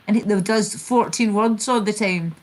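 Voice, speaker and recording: A woman's voice: medium pitch, normal speed, a little mellow. A Scottish woman hosting a casual chat stream, rambling and swearing as she retells online feuds. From Scotland. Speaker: channel host.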